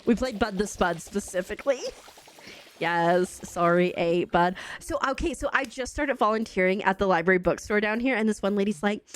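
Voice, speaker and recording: A woman's voice: mid-range voice, moderate pace. A chatty woman with a light Canadian accent, laughing often as she talks casually to her live-stream chat while gaming. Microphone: desk microphone.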